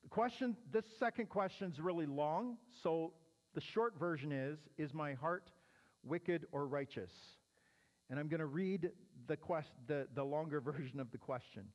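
A man's voice: fairly high pitch, normal speed, long reverb tail, lo-fi sound. A man teaching as a pastor answering questions, explaining step by step and often checking in with "right?". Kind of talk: teaching sermon.

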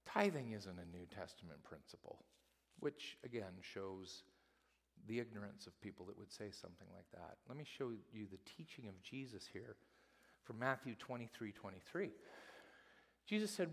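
A male pastor preaching a sermon in a church, telling stories with animated delivery and acting out the people he quotes. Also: fairly low pitch, moderate pace, husky. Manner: animated storytelling, acts out quotes. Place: church sanctuary. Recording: long hall reverb in a church.

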